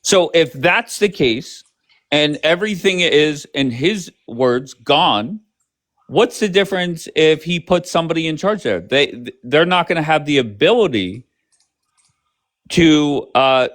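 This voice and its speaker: A man's voice: a little high, expressive, unhurried, a bit bright. A man hosting a live stream who presses his caller with pointed questions and keeps interrupting. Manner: pressing, interrupting, asks for yes or no. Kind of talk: casual political debate.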